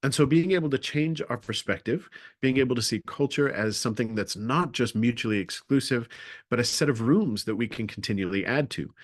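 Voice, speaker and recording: A man presenting a webinar, telling a comic story with lively timing and then turning to his main points. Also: mid-range voice, a little fast. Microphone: video call.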